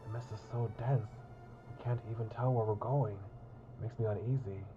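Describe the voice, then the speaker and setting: A man's voice: on the low side, fairly even intonation, normal speed, phone-quality sound, music in the background, close to an everyday voice. A man voicing a nervous, reluctant young man at sea, flustered and easily exasperated. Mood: uneasy.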